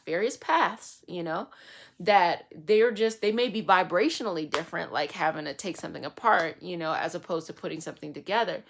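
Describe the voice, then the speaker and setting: A woman giving a casual daily tarot reading, chatty and lively with slangy asides. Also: lowish voice, brisk, creaky. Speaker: tarot reader. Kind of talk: casual spiritual reading to camera.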